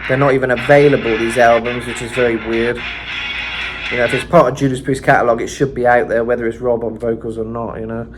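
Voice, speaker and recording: A man's voice: mid-range voice, flat delivery, fast talker, music in the background. Rambling man coaching singing. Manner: rambling, filler-heavy explaining. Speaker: vocal coach. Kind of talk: casual vocal lesson.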